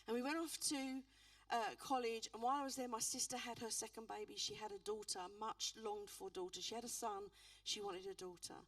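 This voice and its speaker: A woman's voice: on the high side, lively intonation, a little fast, gravelly, dry recording, far from the mic. A woman pastor telling a personal testimony in a sermon, earnest and building into fervent preaching. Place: church.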